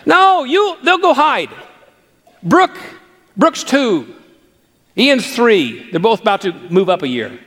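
A man's voice: extremely high pitch, very animated, slow, long pauses, fairly bright tone, big-room sound. Older man preaching, storytelling playfully. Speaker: pastor. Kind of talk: sermon.

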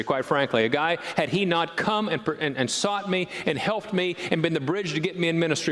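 A middle-aged man preaching a sermon in a church sanctuary, telling stories with animated restarts and repeated words. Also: on the high side. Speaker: pastor. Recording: long reverb of a large sanctuary.

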